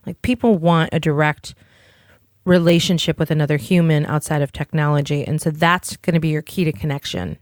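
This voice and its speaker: A woman's voice: sits low, brisk, a little mellow, no echo, studio quality. A woman co-hosting a podcast, telling a long candid story in casual chat and swearing offhandedly. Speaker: podcast co-host.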